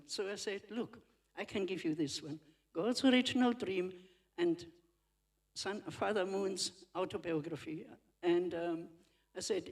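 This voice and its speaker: A woman from the congregation sharing a personal testimony at a church service. She speaks in a chatty, storytelling way, laughs often and acts out the dialogue. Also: lowish voice. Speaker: congregation member giving testimony.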